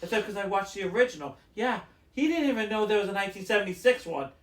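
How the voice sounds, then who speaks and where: A man co-hosting a podcast tells stories in casual chat, rambling and acting out what the people in them said. He talks fast in a high-pitched, expressive voice, in an echoey room.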